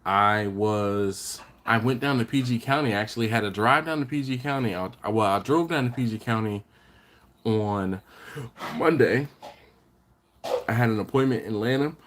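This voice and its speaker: This barbecue channel host has a lowish voice and talks at a normal speed, with a slight hiss or hum in the background. Streaming live from his home, he chats loosely, reading out comments and warmly thanking viewers by name. His talk rambles, and he keeps correcting himself and starting sentences over.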